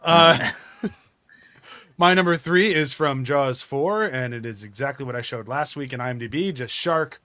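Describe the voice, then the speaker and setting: A man hosting a podcast, steering the talk in a brisk, casual way. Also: mid-range voice, bright, forceful tone, clean tone. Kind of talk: casual chat.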